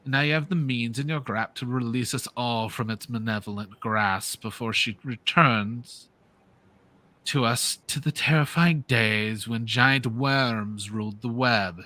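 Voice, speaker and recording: A man's voice: mid-range voice, unhurried, sharp tone, no room sound, pitched below the performer's own voice. A man voicing a grandiose scheming male villain in a tabletop game, with theatrical, pompous delivery.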